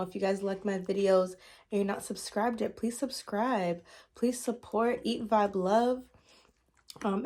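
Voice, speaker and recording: A woman's voice: medium pitch, mellow. A woman chatting casually to her viewers while eating on camera, drawing words out between bites, with her ear clogged and her hearing a little off. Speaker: mukbang vlogger. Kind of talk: casual mukbang chat to camera.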